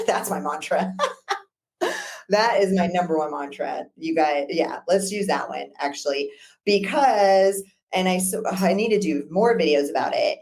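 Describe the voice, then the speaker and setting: A woman guest on a business podcast, a broker talking casually and laughing often as she tells stories. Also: on the low side. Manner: chatty, laughs often, lively storytelling.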